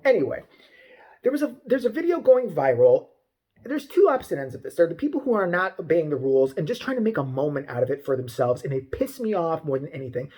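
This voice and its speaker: A man's voice: on the high side, fast. A man doing a profane, exasperated comedic rant as a vlogger, talking to his camera. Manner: ranting, foul-mouthed, animated, exasperated.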